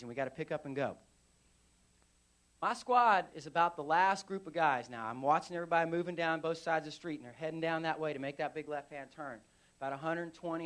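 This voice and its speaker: A veteran man giving a live storytelling speech at a conference, animated and acting out scenes with sound effects. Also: fairly high pitch. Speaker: veteran speaker. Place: conference stage.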